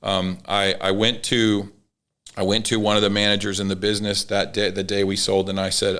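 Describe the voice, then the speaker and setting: A man's voice: fairly low pitch, level tone, brisk, a bit bright. A man in casual conversation, telling an emotional story with many restarts. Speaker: podcast guest.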